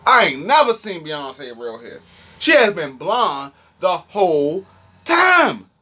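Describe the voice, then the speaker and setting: A man's voice: fairly high pitch, wildly swooping pitch, slow pace, pushed and bright, a little hiss or hum. A young man with a Washington, D.C. accent, rambling profanely and animatedly through a freestyle monologue. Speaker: streamer.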